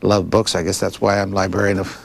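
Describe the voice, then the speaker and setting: Older man in his sixties, low gravelly voice, reflective, rambling interview guest. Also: flat delivery, fairly quick. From Philadelphia, United States. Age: 60s. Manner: thoughtful, digressive, with frequent restarts. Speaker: interviewee, librarian.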